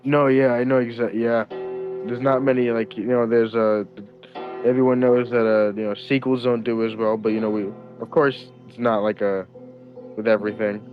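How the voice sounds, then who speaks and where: A man co-hosting a stream, chatting casually in a hesitant, halting way. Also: mid-range voice, flat delivery, dull audio, soft background music. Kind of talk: casual gaming stream chat.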